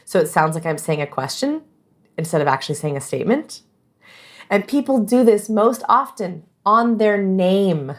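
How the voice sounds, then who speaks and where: A woman guest giving animated, emphatic interview answers about communication, acting out example phrases. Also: mid-range voice, moderate pace.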